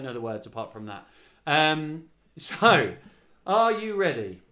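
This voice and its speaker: A man's voice: a little high, sing-song, takes it slowly, sharp tone. A man in his forties leading a livestreamed children's singing rehearsal, singing lines and counting the children in with chatty encouragement. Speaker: children's choir leader. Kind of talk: live online singing rehearsal. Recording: home livestream with guitar. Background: acoustic guitar he plays.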